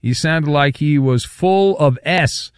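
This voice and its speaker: A man's voice: fairly high pitch, takes it slowly, clean tone, no echo, clean studio sound. A man hosting a call-in radio show, reading listener messages and teasing a caller with sarcastic remarks. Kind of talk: casual call-in radio talk.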